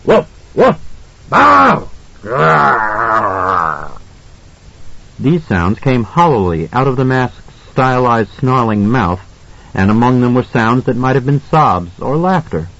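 A man narrating an audiobook in a measured, suspenseful reading style. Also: mid-range voice, animated, lo-fi sound. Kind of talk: scripted narration.

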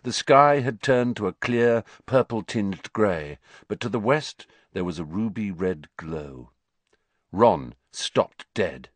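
A man reading a novel aloud as narrator, with dramatic, expressive delivery. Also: on the low side, slow pace, no room sound. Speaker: audiobook narrator. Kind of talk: scripted narration.

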